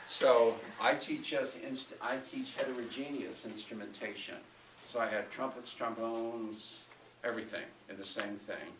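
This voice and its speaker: A man's voice: medium pitch, moderate pace, background noise. Older man lecturing, singing demo syllables. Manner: breaks into solfège and chanted rhythm syllables to demonstrate. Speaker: music education lecturer. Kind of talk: lecture with sung and chanted examples. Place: college lecture hall. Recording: roomy hall recording from far off.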